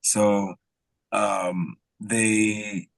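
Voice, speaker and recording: A very deep-voiced man on a podcast, talking slowly and hesitantly with many pauses. The recording is dry and close. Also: little pitch movement, vocal fry, no echo. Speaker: podcast guest, wrestler. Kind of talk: casual chat.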